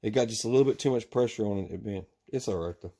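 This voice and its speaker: Fast-talking and dark in tone, this man's fairly low voice belongs to a channel host in his thirties who makes knife gear. He rambles to viewers from his bench, chuckling and muttering to himself while he works.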